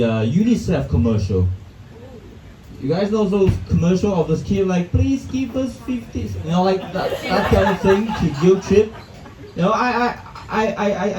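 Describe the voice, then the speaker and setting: A male stand-up comedian, halting with many restarts and fillers, performing in a comedy club. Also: on the high side, warm tone, echoey room, distant mic, a little hiss or hum, low-quality recording. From Vietnam. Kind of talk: stand-up set.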